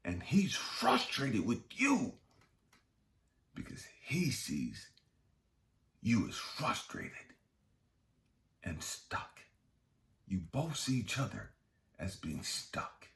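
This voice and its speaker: Guy ranting life lessons, cusses a ton, slow and drawn out, voice swoops way up and down. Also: mid-range voice, huge pitch swings, vocal fry, a bit bright. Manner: blunt, heavily profane, preachy. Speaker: self-help channel host. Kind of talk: motivational monologue.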